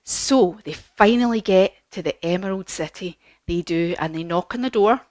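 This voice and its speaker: Lively woman leading a kids' yoga story. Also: fairly low pitch, normal speed, dry recording. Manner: lively, encouraging, sing-song. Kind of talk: children's yoga lesson told as a story.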